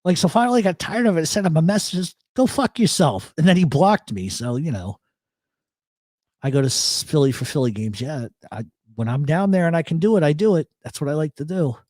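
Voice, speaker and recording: A man's voice: fairly high pitch, brisk, no room sound, studio quality. A man hosting a live radio chat show, telling stories and reading chat messages aloud, heavy on profanity. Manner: profane, storytelling, animated.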